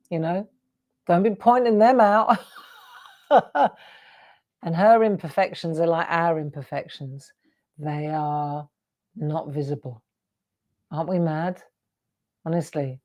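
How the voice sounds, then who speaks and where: A woman's voice: low-pitched, takes it slowly, pauses often, a little mellow, no room sound. A woman in her sixties hosting a craft show, chatty and effusive, gushing over viewers' artwork with storytelling asides. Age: 60s.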